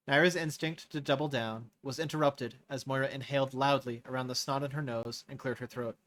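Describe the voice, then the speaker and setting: A man hosting a live reading of a novel, narrating in a measured way and rereading lines he stumbles on. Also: medium pitch, fairly even intonation, fairly bright tone. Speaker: host reading a novel aloud. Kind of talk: scripted narration read aloud live.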